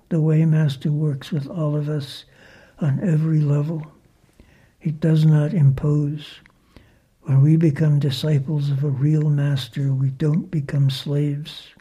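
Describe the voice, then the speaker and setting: A disciple telling personal memories of a spiritual teacher, speaking softly and reverently, often slipping into a whisper. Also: mid-range voice, husky. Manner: soft, partly whispered, reverent storytelling. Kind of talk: spoken personal recollection.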